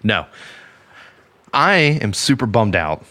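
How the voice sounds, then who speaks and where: A man's voice: on the low side, expressive, slow, sharp tone, no room sound. A man co-hosting a casual podcast, earnest and emphatic, swearing for emphasis. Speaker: podcast co-host.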